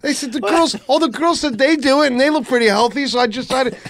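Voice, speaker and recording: A man's voice: extremely high pitch, quick pace, a bit bright. A man co-hosting a podcast in casual chat, rambling, swearing and laughing often. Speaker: podcast co-host.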